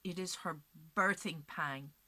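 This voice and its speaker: A woman's voice: fairly low pitch, slow pace, pushed and bright. A woman storyteller narrating a legend expressively, building to dramatic peaks and dropping to whispers.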